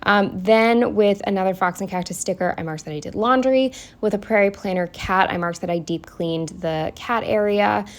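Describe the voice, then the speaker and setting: A woman in her twenties chatting casually through her planner week, swearing freely and filling pauses with "um" and "like". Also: medium pitch. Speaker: planner vlogger. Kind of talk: casual chat.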